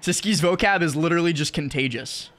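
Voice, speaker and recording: A man's voice: fairly high pitch, a bit bright. A man hosting a watch party stream, chatting casually and telling stories with some swearing. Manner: storytelling, profane, quick asides. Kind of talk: casual chat over a live broadcast.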